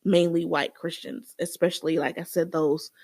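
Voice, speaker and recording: A woman's voice: on the low side, little pitch movement, moderate pace, darkish tone, no echo, studio quality. A woman guest on a faith-based podcast, talking earnestly and persuasively.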